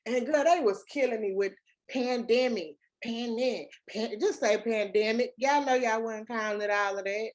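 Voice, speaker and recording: Animated Southern woman, slangy chat. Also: on the high side, moderate pace. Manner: animated, loud and emphatic, slangy. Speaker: podcast co-host. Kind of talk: casual chat.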